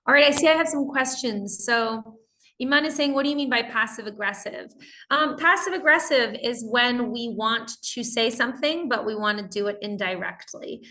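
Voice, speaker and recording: Speaking through a computer microphone, a woman runs a live webinar, chatting and explaining as she works through examples and answers questions from the chat. Her voice is bright and fairly high, at a moderate pace. The room is roomy, with audible echo.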